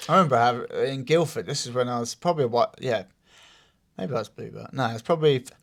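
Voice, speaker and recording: A man co-hosting a podcast with a middle-pitched voice, talking casually. He laughs often, swears, and fills his talk with likes and filler words as he thinks aloud. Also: quick pace, creaky, a bit bright. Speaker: podcast co-host. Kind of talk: casual chat.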